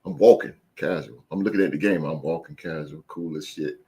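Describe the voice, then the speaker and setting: A man hosting a sports podcast and coaching youth basketball, talking loudly and emphatically with plenty of swearing. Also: extremely low pitch, a little fast, creaky. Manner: loud, swearing, animated and emphatic. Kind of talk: casual sports podcast chat.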